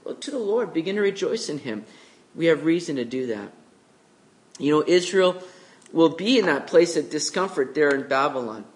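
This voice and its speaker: A man preaching a conversational sermon, who acts out the voices of the people with big jumps in pitch. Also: animated, moderate pace. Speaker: pastor. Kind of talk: expository sermon.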